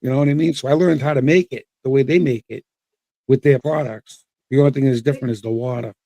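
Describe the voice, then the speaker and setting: A man's voice: mid-range voice, steady tone, fast talker, mellow, dry recording. A man in a casual podcast chat. He rambles and repeats words as he restarts his sentences. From Boston. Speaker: co-host.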